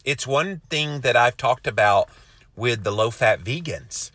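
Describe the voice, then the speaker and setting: A man's voice: mid-range voice, lively intonation, unhurried, fairly bright tone, no echo. A middle-aged man with a Southern US accent, hosting a casual live chat and answering viewer comments in an earnest, folksy way. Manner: earnest, folksy, hums filler syllables while reading. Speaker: host reading viewer comments.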